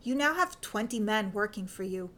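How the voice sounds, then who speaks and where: A woman reading the lines of a puzzled, earnest gentleman investigator in a fan fiction audiobook, with an earnest, increasingly flustered way of questioning. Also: medium pitch, lively intonation, normal speed, lightly acted.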